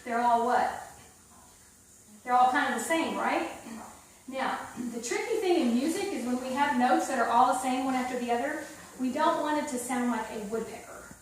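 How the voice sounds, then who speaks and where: A woman with a high-pitched voice gives a one-on-one piano lesson at a normal pace, singing counts and rhythms aloud as she explains. She's upbeat and coaxing, checking in often with "okay?" Recorded far from the mic in an echoey room, with piano playing and slight background noise.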